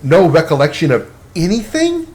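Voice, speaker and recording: A man's voice: fairly high pitch, wildly swooping pitch, moderate pace, darkish tone. Rambling man chatting on a game stream. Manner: rambling, many restarts and fillers. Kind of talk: casual chat while gaming.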